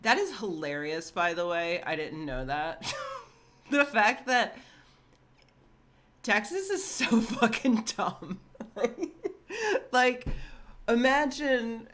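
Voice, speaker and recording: A woman's voice: a little high, sing-song, very slow, pauses often, fairly bright tone, a little hiss or hum. A woman in her thirties from the United States giving casual reaction commentary, wry and laughing often. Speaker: video reactor.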